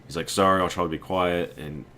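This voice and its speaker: A man's voice: low-pitched, steady tone, brisk, a bit bright, a little hiss or hum. A man casually telling a story about a weekend trip, quoting his friends and sounding exasperated. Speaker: gaming video creator.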